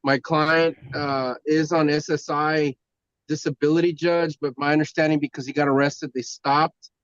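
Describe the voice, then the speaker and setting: A man argues for his client's bond as defense attorney, talking quickly with hesitations and frequent deferential address to the court. His voice is slightly high and comes over a dull, dry, lo-fi connection. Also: flat delivery, dry recording. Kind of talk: courtroom argument.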